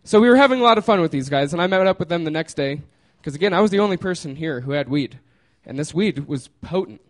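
A man's voice: on the high side, animated, fast talker. A man casually telling a personal story, laughing often and trailing off with fillers.

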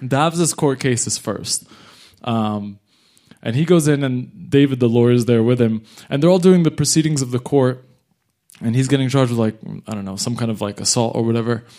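A man doing stand-up storytelling, animated and slangy, jumping in and out of character voices. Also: mid-range voice, normal speed. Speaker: stand-up comedian.

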